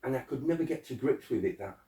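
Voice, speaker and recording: A man's voice: medium pitch, quick pace, recorded from a distance. Man telling stories in an echoey room. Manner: animated storytelling, acting out quoted arguments, swears. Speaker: guest. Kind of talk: casual podcast conversation.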